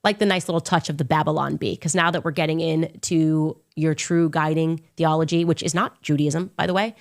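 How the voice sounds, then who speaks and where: A woman hosts her own commentary show and talks through it in an emphatic, combative way. She is often sarcastic and mocks her opponents by doing their voices higher than her own. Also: steady tone, a little fast. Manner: sarcastic, mocking impressions in a high voice. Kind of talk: opinionated commentary monologue.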